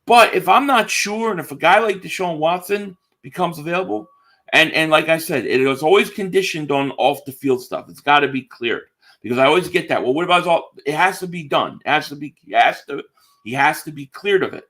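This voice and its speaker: A man's voice: on the high side, lively intonation, a little fast, fairly bright tone. A man, co-hosting a casual sports podcast, confident and emphatic, repeating words for stress. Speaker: podcast co-host.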